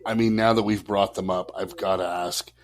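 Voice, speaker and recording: A man co-hosting a casual podcast chat, animated and laughing as he retells film scenes. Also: low-pitched, normal speed. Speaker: podcast co-host.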